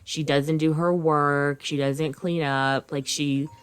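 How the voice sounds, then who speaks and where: A woman in her thirties co-hosting a podcast in casual chat, expressive and swearing freely, swinging between loud and quiet. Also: low-pitched, slow pace, clean tone, soft background music. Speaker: podcast co-host.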